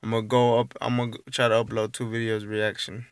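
A man's voice: medium pitch, completely flat delivery, quick pace, clear, resonant tone, no echo. A young man hosting a reaction vlog, chatting loosely with lots of fillers, recorded on a phone indoors. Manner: rambling, loose and apologetic with many fillers. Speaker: reaction video host. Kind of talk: casual vlog chat.

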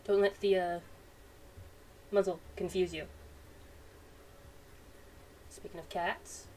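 A woman's voice: fairly low pitch, steady tone, slow pace, darkish tone. A woman hosting a let's-play, commenting in a playful, chatty way. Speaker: gaming channel host. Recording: distant mic, faint noise.

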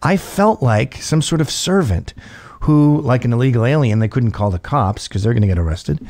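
A middle-aged man, the host, telling a comic story in a lively way, laughing often and mimicking others. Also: mid-range voice, moderate pace. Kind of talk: animated comedic storytelling.

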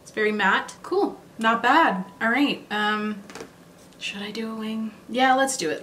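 A woman's voice: a little high, measured pace, fairly bright tone, a little hiss or hum. Chatty woman thinking aloud over makeup. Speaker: beauty vlogger. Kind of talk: casual makeup tutorial chat.

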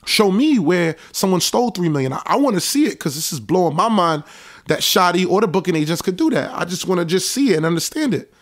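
A young man, casually recounting events in an animated storytelling monologue. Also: high-pitched, quick pace. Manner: animated, reenacts conversations in a raised voice. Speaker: show host recounting events.

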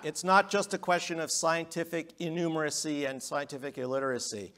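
A man's voice: a little high, fairly even intonation, brisk. Emphatic man giving a lecture. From United States. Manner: emphatic, rhetorical questions, swings between loud and quiet. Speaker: professor giving a public lecture. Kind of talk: public lecture.

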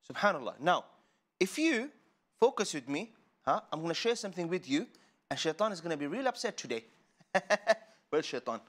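Man, children's TV teacher, high-ish lively voice, playful and chatty, laughs a lot. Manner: animated, playful, laughing often, asks rhetorical questions. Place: studio.

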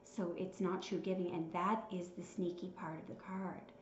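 A woman's voice: on the low side, flat delivery, normal speed, slight background noise. A woman giving a tarot reading, counting out cards and musing aloud as she reads their messages with feeling. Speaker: tarot reader. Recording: slightly dull, roomy sound with soft music. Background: soft background music.

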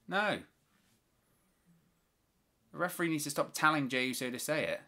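A man's voice: fairly high pitch, big pitch swings, a little slow, pauses often, bright, forceful tone. A man hosting a live watch-along, giving play-by-play wrestling commentary with opinionated, exasperated asides.

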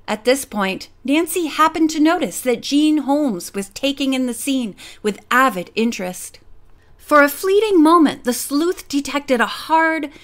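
A woman narrating a mystery novel as an audiobook, clear and even. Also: high-pitched.

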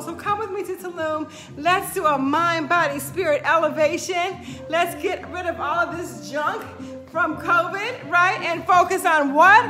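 Very high, bright-voiced upbeat fitness host. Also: female voice. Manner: upbeat and emphatic, tags lines with "right?", repeats phrases; greets viewers by name mid-talk. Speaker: fitness instructor hosting a live workout stream. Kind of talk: motivational live-stream talk.

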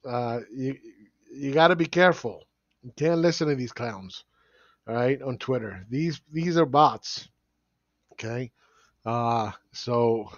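A market analyst hosts his own commentary video, going through charts with a blunt, sarcastic tone and frequent chuckles. His voice is medium-pitched, and the recording is dry and lo-fi.

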